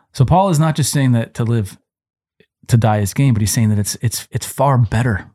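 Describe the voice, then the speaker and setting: This man, a co-host of a Christian parenting podcast, teaches from Bible passages at normal speed in a mellow, medium-pitched voice. His explanations are conversational, full of scripture quotes and many restarts, in clean studio audio without echo.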